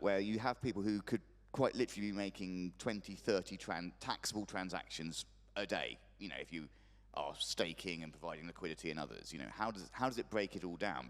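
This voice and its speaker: A man moderating a conference panel, rambling through joking asides between questions. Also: sits low. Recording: reverberant conference hall.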